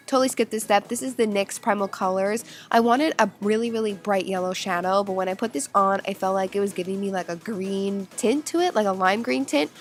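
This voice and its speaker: Chatty nasal young woman with a cold. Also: mid-range voice. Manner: chatty, gushing, lots of "like". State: has a cold. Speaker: beauty vlogger. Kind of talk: casual makeup tutorial voiceover.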